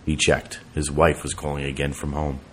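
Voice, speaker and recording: A man narrating an audiobook in a steady, even reading voice. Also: a bass voice, normal speed, a little hiss or hum.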